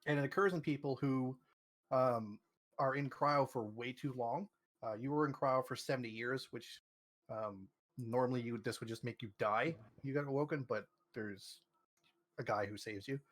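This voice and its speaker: A man with an average-pitched voice talks through his video game playthrough on a casual podcast. He sounds relaxed and matter-of-fact, padding his sentences with ums and uhs. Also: moderate pace. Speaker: podcast co-host. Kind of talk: casual gaming chat.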